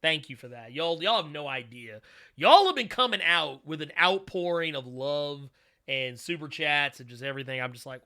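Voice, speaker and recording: A man hosting a live-stream, talking in casual, animated commentary with frequent laughs and restarts. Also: on the high side, a little slow, clean tone. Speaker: host.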